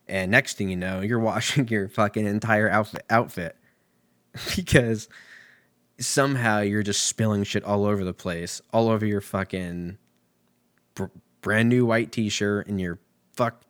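With a lowish, fairly bright voice, this comedian rants comically, cursing nonstop and laughing a lot. He keeps wandering off from one tangent to the next.

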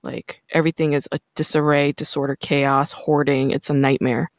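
A woman's voice: deep voice, moderate pace, no echo. Podcast host lady, blunt and sweary, dry close mic, storytelling w/ energy. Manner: candid, swears freely, animated storytelling. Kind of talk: casual conversational interview.

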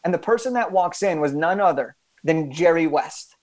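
A young adult man, an author and podcast guest, telling a story with animated emphasis and frequent restarts. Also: on the high side, normal speed.

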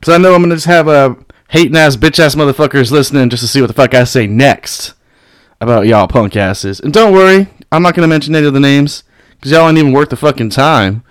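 A man hosting his own podcast, ranting at his critics with constant swearing and mocking laughter, high on weed. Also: quick pace, smooth, dry recording. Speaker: podcast host. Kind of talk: profane solo podcast rant.

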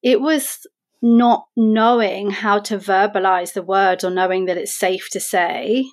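A woman's voice: mid-range voice, fairly even intonation, unhurried. A woman talking through emotional habits in a casual conversation, reflective and explaining with examples. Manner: reflective, explains with examples and quoted self-talk. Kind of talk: casual podcast chat.

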